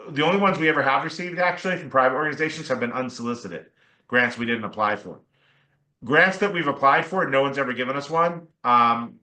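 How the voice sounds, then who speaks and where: A man's voice: medium pitch, pushed and bright, reverberant, rough recording. A man speaking as an attorney guest on a podcast interview, explaining in an earnest way and often checking in with "right?" and "okay?".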